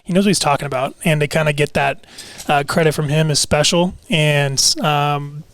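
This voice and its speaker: A man's voice: fairly high pitch, steady tone, normal speed, fairly bright tone, no room sound. A young man from Seattle, a pro basketball player, answering interview questions in an easygoing way. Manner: easygoing, lots of "yeah" and restarts. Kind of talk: casual radio interview.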